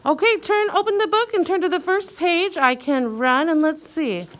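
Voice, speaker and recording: A woman teacher leading a young child through a reading lesson, slow and clear, sounding out letters and encouraging. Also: very high-pitched.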